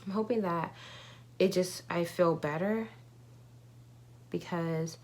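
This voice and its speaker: A woman's voice: lowish voice, slow pace, a little mellow, slight background noise. A young woman talking casually to camera in a candid, rambling vlog, with many fillers and restarts. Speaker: vlogger.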